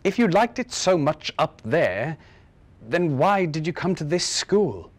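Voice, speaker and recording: A man reading a story, voicing a patient, formal male schoolteacher who speaks calmly and carefully. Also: fairly high pitch, unhurried. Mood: earnest. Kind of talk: dramatic reading of a short story.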